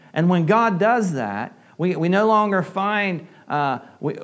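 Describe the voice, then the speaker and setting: A man's voice: fairly high pitch, fairly bright tone. Man preaching a conversational sermon. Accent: southern US. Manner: conversational preaching, repeats words, asks the audience questions. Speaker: pastor.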